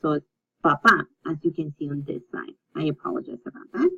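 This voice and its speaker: A woman teaching a recorded language lesson, speaking slowly and patiently and repeating words so learners can practice. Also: low voice, expressive, creaky, a little mellow, slightly rough. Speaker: Spanish teacher. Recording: dull lo-fi recording.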